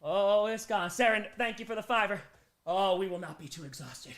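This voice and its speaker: A man with a high, slightly bright voice talks at a normal pace in a reverberant space. He's a streamer a full day into a live charity stream, worn out from staying awake, thanking donors one at a time as his energy lurches between hype and tired mumbling.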